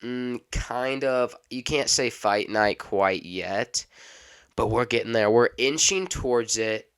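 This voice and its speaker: A man's voice: medium pitch, fairly bright tone. Rambling young man podcasting solo. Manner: rambling, unscripted, self-interrupting. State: coughing, clearing throat. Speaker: podcast host. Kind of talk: casual solo podcast chat.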